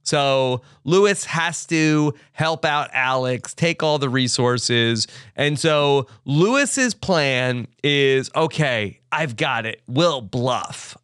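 A man's voice: medium pitch, a bit bright, clear, resonant tone, dry recording, clean studio sound. A man hosting a casual TV recap podcast, joking and laughing as he recounts the plot with plenty of fillers. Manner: jokey, laughing, halting with fillers. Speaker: podcast host.

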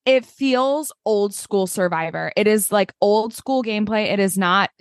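Woman co-host, blunt and animated, mid-pitched, dry close sound. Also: measured pace, clean tone, no echo. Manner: animated, swears, acts out quotes in mocking voices. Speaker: podcast co-host. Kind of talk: casual chat.

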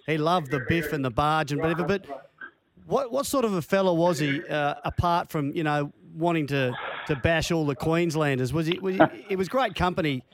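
A man's voice: fairly high pitch, brisk. An Australian man hosting a sports radio show, chatting in a folksy way and leading with anecdotes. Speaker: radio host. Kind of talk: casual sports radio interview.

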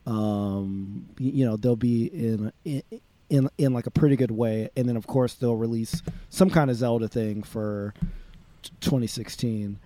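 Dark-voiced rambling podcast guy. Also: mid-range voice, unhurried, no room sound. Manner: rambling, many restarts and fillers. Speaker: podcast co-host. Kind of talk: casual podcast chat.

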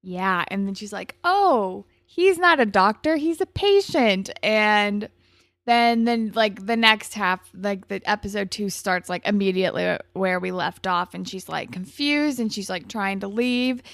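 A woman's voice: unhurried, vocal fry, a bit bright, dry recording, studio quality. Rambling woman co-host retelling an episode. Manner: rambling, filler-heavy storytelling, acts out quoted lines in high voices. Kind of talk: casual TV episode recap.

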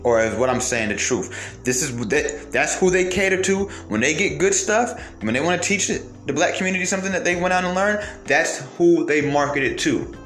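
A man's voice: a little high, animated, fairly quick, a bit bright. A man delivering a heated, profane monologue to his viewers, firing off rhetorical questions. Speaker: commentator. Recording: roomy echo, faint music behind.

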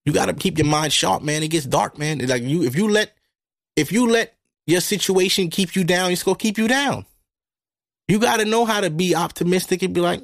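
A man's voice: high-pitched, fairly quick, creaky, dry recording. Blunt, profane man on a dry mic. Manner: blunt, profane, animated street talk. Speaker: podcast host. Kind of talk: casual monologue. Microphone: studio microphone.

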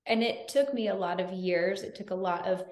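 A woman's voice: mid-range voice, moderate pace, darkish tone. A woman hosting a podcast, speaking earnestly and reflectively in casual conversation. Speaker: podcast host. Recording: roomy echo.

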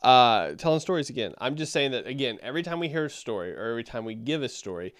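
A man speaking close to the mic in a dry, quiet room, his voice smooth and clear. He reviews a sermon in a relaxed, reflective way, as if talking to a friend. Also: mid-range voice, fast, no echo. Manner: conversational, reflective, interrupts with comments. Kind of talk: commentary.

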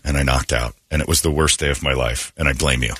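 A man hosting a radio talk show, telling a funny story in an animated way and acting out the voices in it. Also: rumbling low, fast talker, background noise. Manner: animated, acts out his own crying and other voices.

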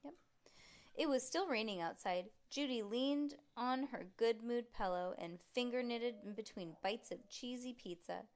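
Brief: woman narrator, a bit high, lively read-aloud of a kids' story at home, does the characters. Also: unhurried. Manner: lively, voices the characters, chats and laughs between passages. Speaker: reader. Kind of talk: reading a children's book aloud.

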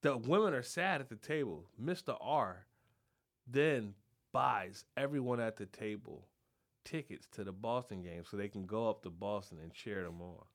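Animated, profane man telling a story. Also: lowish voice, moderate pace. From Philadelphia. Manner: profane, animated, acts out the people in his story. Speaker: podcast host. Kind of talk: casual storytelling chat.

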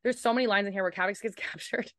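A woman hosting a casual book podcast, talking in an animated way, swearing freely and acting out lines from the characters over a remote call mic. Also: medium pitch, fast, dry recording, clean studio sound. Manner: animated, swears a lot, acts out character quotes. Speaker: podcast host. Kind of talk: casual book discussion chat. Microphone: remote call microphone.

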